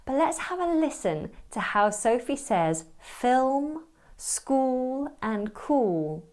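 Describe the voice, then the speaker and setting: A woman narrating an accent tutorial in a measured, explanatory way. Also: high voice, big pitch swings, darkish tone.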